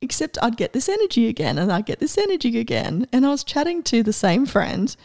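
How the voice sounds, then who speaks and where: Middle-aged woman coach, bright higher voice, excitable and animated, close dry sound. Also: brisk, no echo. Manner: enthusiastic, animated, laughs often while talking. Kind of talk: casual inspirational talk to an audience.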